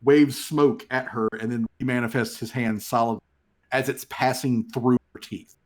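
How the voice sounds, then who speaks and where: A man's voice: medium pitch, steady tone, moderate pace. A man narrating as game master of a tabletop game, laid-back and full of fillers.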